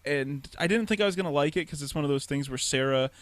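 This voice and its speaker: A young man co-hosting a podcast in casual chat, laughing often and mimicking other people's voices in a high pitch. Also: fast, dry recording. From Detroit area. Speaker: podcast co-host.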